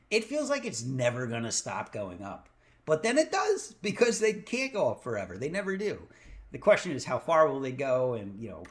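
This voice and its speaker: A man hosting a trading livestream, talking casually and enthusiastically, often stumbling over his words as he rambles on. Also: medium pitch. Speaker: host of a stock trading show.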